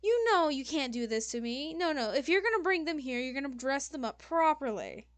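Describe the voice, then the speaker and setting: A woman's voice: high voice, expressive, brisk, dry recording, voice pushed up. A woman voicing a flamboyant, snobbish male fashion designer lord who scolds in a fussy, dramatic way. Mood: scolding, dramatic.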